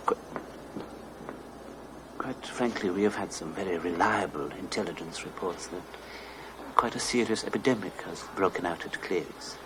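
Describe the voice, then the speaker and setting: Brief: male actor as a formal, guarded Soviet scientist, low voice, measured and polite. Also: heavy background noise, natural voice. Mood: probing.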